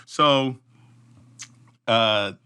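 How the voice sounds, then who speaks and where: Brief: man, podcast guest, bright, forceful voice, vivid storyteller who acts out voices and sound effects. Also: medium pitch, very slow, clear, resonant tone. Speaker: obstacle race emcee, podcast guest. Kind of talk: animated storytelling in a podcast interview.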